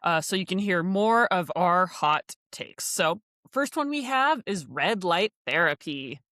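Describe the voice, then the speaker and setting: A woman's voice: on the low side, expressive, measured pace, fairly bright tone, dry recording. A woman co-hosting a casual podcast, joking dryly and wryly between reading show notes. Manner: dry, wry humor. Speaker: podcast co-host, coach.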